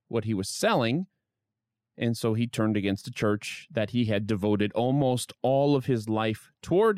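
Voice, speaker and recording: In clean, echo-free studio audio, a podcast host with a lowish male voice narrates history from a script. He tells it lively, slipping in wry asides along the way.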